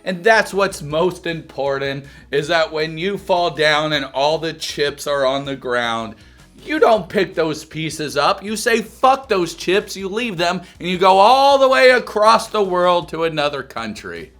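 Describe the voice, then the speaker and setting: A man hosting a comedic reality-show recap, crude and mocking, often breaking into shouted rants. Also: on the high side, expressive, a little slow, faint music behind. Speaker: reaction video host.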